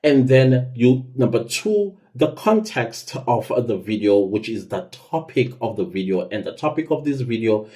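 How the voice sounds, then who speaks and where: Guy with a mellow voice chatting through creator tips, lots of um and uh, punches key words. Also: medium pitch, measured pace, few pauses. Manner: conversational, lively emphasis, self-corrections and fillers. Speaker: podcast host giving tips. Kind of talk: casual instructional talk.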